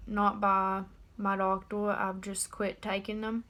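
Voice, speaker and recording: An eighteen-year-old woman talking straight to camera in a personal confessional vlog, subdued and halting. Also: mid-range voice, monotone, a bit bright. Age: about 18. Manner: subdued, halting and openly emotional. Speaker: vlogger.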